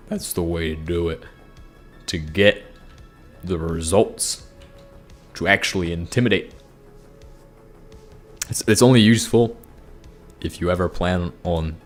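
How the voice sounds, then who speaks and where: Young man, low-pitched, casual game chat, loose rambling talk, faint background music. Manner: rambling, bursts into high-pitched angry yelling. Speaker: gaming streamer.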